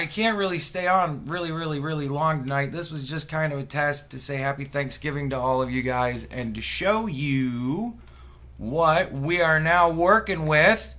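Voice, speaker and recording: A man's voice: on the high side, normal speed, bright, forceful tone. A man hosting a casual live stream, rambling and swearing, greeting viewers by name and poking fun at people with mocking impressions. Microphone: webcam setup with mic.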